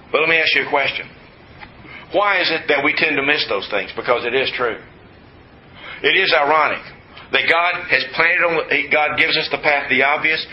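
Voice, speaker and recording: A man from West Texas preaching a sermon in an emphatic, repetitive teaching manner with folksy asides. His voice sits at an ordinary middle pitch. The recording is slightly muffled with a faint background hiss. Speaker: pastor.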